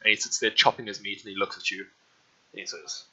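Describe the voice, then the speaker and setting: A man's voice: fairly low pitch, fairly even intonation, fast, bright, forceful tone, breathy edge, muffled recording. A man narrating as game master in a casual, rambling way, full of fillers.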